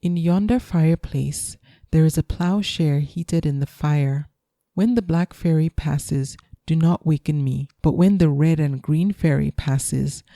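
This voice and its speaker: A woman voicing a thousand-year-old fairy crone in a calm storybook reading. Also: deep voice, no room sound.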